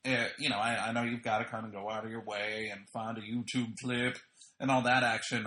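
A man's voice: fairly low pitch, level tone, fairly quick, bright, forceful tone, reverberant. A man hosting a podcast, giving a casual, opinionated spoken review full of slang and fillers. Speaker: podcast host reviewing wrestling. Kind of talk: casual audio review monologue.

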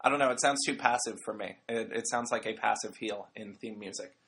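Bright-voiced man recapping wrestling casually. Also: fairly low pitch, steady tone, a little fast. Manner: rambling, jokey asides. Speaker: wrestling podcast host.

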